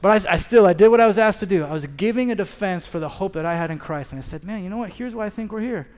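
A man's voice: sits high, fast, a little mellow. A man in his thirties preaching a sermon as a pastor, telling a story and acting out both sides of the conversation. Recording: long hall reverb.

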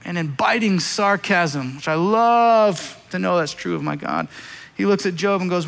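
A man preaching a sermon as a pastor, telling scripture stories with animated voices for the figures. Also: high voice, normal speed, gravelly. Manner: animated storytelling, acting out biblical figures. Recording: echoey hall with long reverb.

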